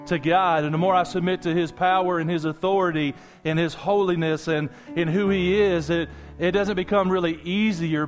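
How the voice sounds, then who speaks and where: A man preaching a sermon as pastor, animated and conversational, talking straight to his congregation with asides and jokes. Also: a little high.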